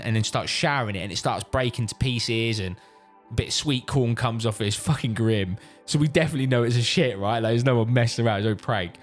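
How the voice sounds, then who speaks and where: Lively British man telling a story. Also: mid-range voice. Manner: animated, swears freely, many restarts. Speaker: vlogger, father. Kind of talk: casual storytelling. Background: faint background music.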